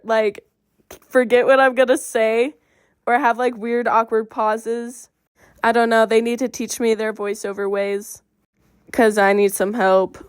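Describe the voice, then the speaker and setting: A woman's voice: a little high, clear, resonant tone, no echo, studio quality. A young woman with a Southern Californian accent, chatting casually through a makeup tutorial voiceover and using "like" a lot. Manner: chatty, filler-heavy with "like". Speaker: makeup vlogger.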